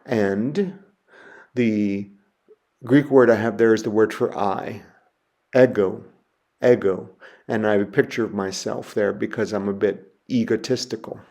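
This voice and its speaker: A man giving a recorded lecture, walking through letters slowly and methodically, repeating each example word. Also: on the low side, steady tone, darkish tone. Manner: slow, methodical, spelling sounds out and repeating words. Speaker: teacher.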